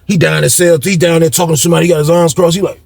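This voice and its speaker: A young man casually telling a story from his own life, slangy and animated, acting out the voices of the people in it. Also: fairly high pitch, very fast, vocal fry, dry recording. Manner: animated, slangy, acts out quotes.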